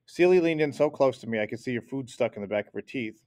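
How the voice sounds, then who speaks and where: A man reads a children's chapter book aloud with lively, expressive storytelling. His voice sits at a middle pitch, recorded close in a dry space. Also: fast talker, dry recording. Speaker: audiobook reader. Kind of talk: storybook narration.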